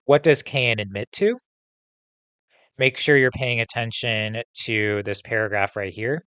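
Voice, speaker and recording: A man's voice: mid-range voice, a little slow, clear, resonant tone, no room sound. Man reading a novel to a class. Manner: steady, instructive, prompting students. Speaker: teacher. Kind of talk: reading a novel aloud to students with comprehension questions.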